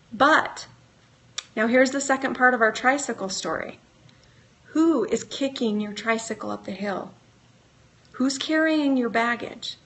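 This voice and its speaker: A woman's voice: high-pitched, fairly bright tone. A middle-aged woman speaking live as a motivational speaker, asking earnest questions and coaching her listeners along. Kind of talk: live motivational talk to camera.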